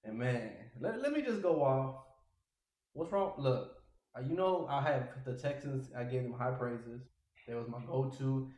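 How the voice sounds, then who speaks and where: Man, podcast host, exasperated animated rant, mid-pitched voice, echoey room. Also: a little slow. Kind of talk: casual sports podcast rant.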